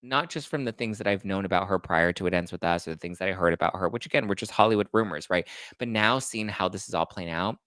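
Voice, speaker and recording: A man's voice: low-pitched, fast, hardly any pauses, a bit bright, clean tone, dry recording. Heated, indignant male commentary host. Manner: reads legal text aloud and reacts. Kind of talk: casual commentary reading chat and documents.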